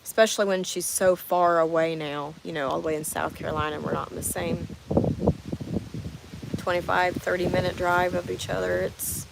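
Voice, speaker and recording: On a very noisy recording, a woman in her 40s chats casually on a livestream from a camper while camping, reading viewer comments and speaking straight to her viewers. Her lowish voice is gravelly, with fairly even intonation at normal speed.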